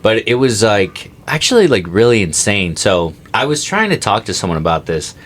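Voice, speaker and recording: Young man, podcast co-host, rambling casual chat, lively ups and downs, faint noise behind. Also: fairly low pitch, normal speed. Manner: rambling, excitable storytelling with lots of "like" and "dude".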